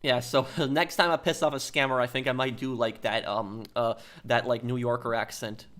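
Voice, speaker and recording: A man's voice: mid-range voice, steady tone, moderate pace, fairly bright tone. A man chatting casually on a live game stream, talking straight to his viewers and answering them.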